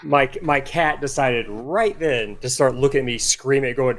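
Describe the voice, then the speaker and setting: A man who runs a tabletop game, chatting casually and rambling, self-deprecating and quick to laugh. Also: mid-range voice. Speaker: game master. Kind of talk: casual chat before a streamed tabletop game.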